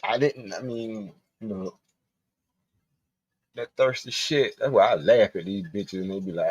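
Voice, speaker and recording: A man's voice: lowish voice, measured pace, pauses often, husky, no echo. Guy on his livestream swearing and laughing thru stories, kinda muffled lo-fi mic. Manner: profane, laughing, loose storytelling. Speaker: livestream host. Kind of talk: casual storytelling.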